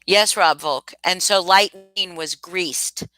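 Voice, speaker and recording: A young woman with a lowish, forceful voice hosts a casual live chat. She reads her viewers' comments and reacts with animated, exclaiming disbelief. The sound is close and dry. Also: takes it slowly, no room sound, soft background music, poor audio. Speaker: livestream host.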